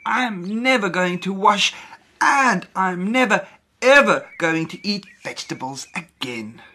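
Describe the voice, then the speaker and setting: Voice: mid-range voice, expressive, unhurried, pushed and bright. A voice actor playing a stubborn young boy who insists he is a wild animal in a children's audio story. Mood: defiant. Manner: defiant, emphatic storybook dialogue.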